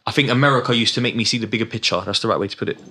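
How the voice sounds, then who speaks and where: London man, podcast guest; bright, lively storyteller, heavy slang. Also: fairly low pitch, racing. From West London. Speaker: guest rapper. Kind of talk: casual chat.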